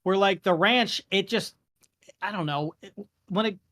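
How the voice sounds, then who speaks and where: A young adult man, co-hosting a podcast in casual chat, acting out the exchanges he tells with lively feeling. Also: sits high, measured pace. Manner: animated storytelling, acts out quoted exchanges. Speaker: podcast co-host.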